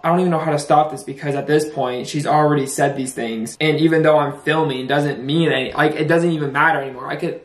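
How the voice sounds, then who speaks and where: A man's voice: fairly high pitch, reverberant. A young man in his twenties filming a casual prank vlog, frantic and exasperated, saying bro and dude a lot. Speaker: vlogger.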